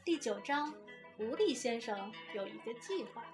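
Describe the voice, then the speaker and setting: A woman, the child host's mother, reading a children's story aloud in a lively, expressive way. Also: fairly high pitch, normal speed. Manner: lively expressive reading, lifts her voice for the characters' lines. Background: faint guitar music.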